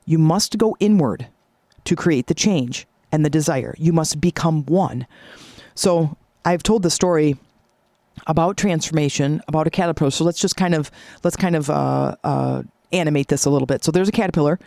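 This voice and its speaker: A woman's voice: deep voice, normal speed, mellow, no echo, clean studio sound. A woman hosting a motivational podcast, coaching listeners in an emphatic, repetitive way. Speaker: podcast host.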